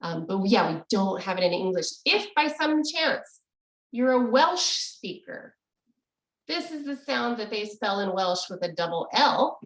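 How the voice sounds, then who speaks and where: A woman's voice: mid-range voice, big pitch swings, unhurried, echoey room, low-quality recording. A woman teaching a casual online language lesson, explaining in a chatty way and laughing easily, over a video call. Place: room with echo, video call.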